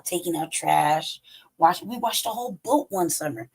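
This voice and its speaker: Gravelly, husky woman ranting profanely. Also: fairly low pitch, animated, a little slow, rough recording. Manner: profane, blunt, laughing often. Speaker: podcast co-host. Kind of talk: casual storytelling rant.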